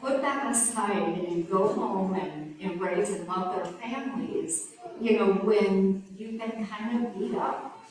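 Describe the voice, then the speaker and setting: A woman's voice: mid-range voice, slow, a crowd in the background. A woman in the audience asking a hesitant question, with many fillers. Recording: distant voice in a reverberant hall.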